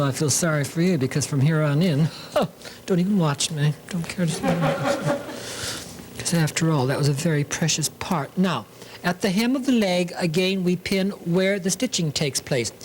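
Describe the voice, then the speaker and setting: A man's voice: on the high side, fairly quick, slight background noise, poor audio. Theatrical man demonstrating sewing. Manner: theatrical, camp, fond of 'lovely' and 'darlings'. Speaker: sewing show host.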